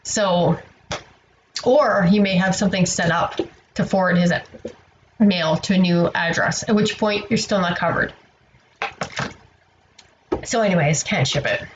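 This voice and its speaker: A woman's voice: fairly low pitch, a little slow, pauses often, dull audio, a little hiss or hum. A woman telling a story to camera in a casual vlog. She sounds tired and exasperated, rambles, and swears freely. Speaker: online seller vlogger.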